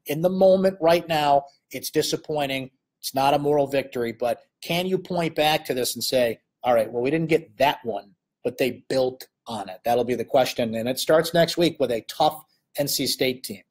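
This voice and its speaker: Man, sports host, off-the-cuff livestream recap, husky and a touch high-pitched, chatty with lots of fillers. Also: moderate pace. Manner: animated, conversational, many fillers. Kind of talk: live postgame commentary.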